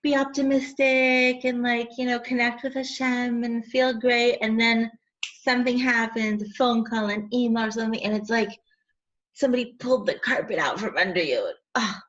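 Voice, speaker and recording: A woman's voice: fairly high pitch, fairly even intonation, normal speed, a bit bright, lo-fi sound. A woman podcast host chatting with enthusiasm, reacting to her guest. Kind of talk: casual chat.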